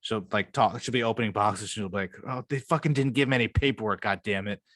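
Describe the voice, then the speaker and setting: A young man with a fairly low voice talks through a casual podcast chat, rambling loosely and dropping plenty of swear words. The sound is dry and close, with no room echo. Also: quick pace, a bit bright. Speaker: podcast co-host.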